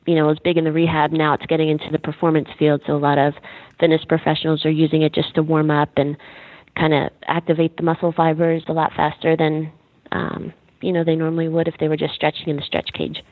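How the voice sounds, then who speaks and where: Low-voiced woman guest on a phone line. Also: fast talker. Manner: relaxed, explains with frequent fillers. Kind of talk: casual interview answers. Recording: tinny phone-line sound.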